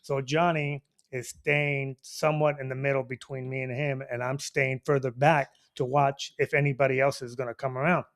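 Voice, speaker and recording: A man hosting and telling a bar story to an audience, animated and laughing often, with frequent "you know what I mean". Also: mid-range voice, normal speed, few pauses. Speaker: storyteller host.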